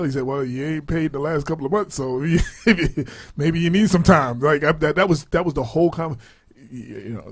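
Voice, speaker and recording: A man in his forties, co-hosting a radio talk show, telling stories in a casual, animated way with laughs. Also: medium pitch, breathy edge, no room sound. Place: radio studio.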